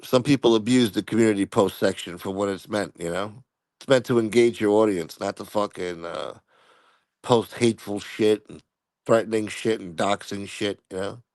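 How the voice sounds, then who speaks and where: A man's voice: on the low side, steady tone, moderate pace, darkish tone, no echo. A man hosting a casual live stream, answering viewer comments in a profane, rambling, blunt way.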